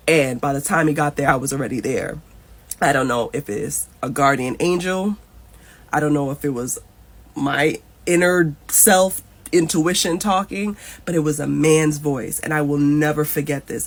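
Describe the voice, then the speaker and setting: A woman in her thirties telling an emotional personal story in a casual storytime. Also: low-pitched. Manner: emotional, animated retelling.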